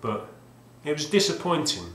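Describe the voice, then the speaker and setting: A man with a slightly high, fairly bright voice talks about his video game discoveries at a moderate pace, sounding very animated. His casual monologue rambles hesitantly, with wry asides and many restarts, in a roomy, echoey home setting.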